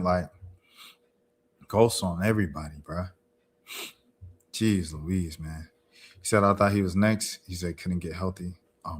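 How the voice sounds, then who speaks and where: A man hosting a casual news reaction stream, talking in an indignant, slangy way. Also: deep voice. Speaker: host.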